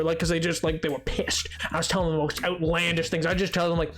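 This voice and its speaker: Young man, high-pitched, live-stream chatter, lively storyteller who laughs a lot. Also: fast talker, faint music behind. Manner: animated storytelling, laughs often, mocking voices. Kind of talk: casual live-stream chat while gaming.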